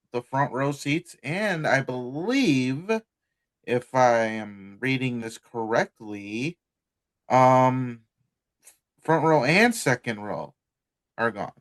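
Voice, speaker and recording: Male podcast co-host, unhurried delivery, animated pitch. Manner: slow, drawn-out reading with laughs. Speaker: podcast co-host reading event listings. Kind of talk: casual podcast chat.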